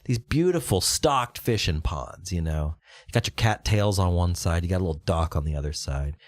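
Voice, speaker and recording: Laid-back man telling a story, lively pitch. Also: normal speed, dry recording. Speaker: podcast co-host. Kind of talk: casual chat.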